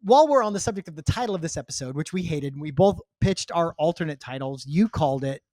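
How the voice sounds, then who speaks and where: A chatty co-host of a podcast, drifting off on tangents and laughing easily. The voice sits at a middling pitch. It is recorded dry and close, with little room sound. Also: expressive, dark tone, no echo. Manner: chatty, digressive, quick to laugh. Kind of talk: casual podcast chat.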